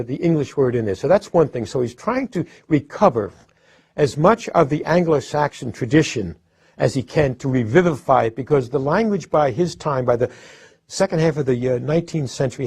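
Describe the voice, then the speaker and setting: A man's voice: medium pitch, a little mellow, husky, no room sound. A man, a literary scholar, explaining a poet's life and work in a thoughtful lecture style, often restarting his sentences and leaning on stressed words. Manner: thoughtful, with frequent restarts and hesitations.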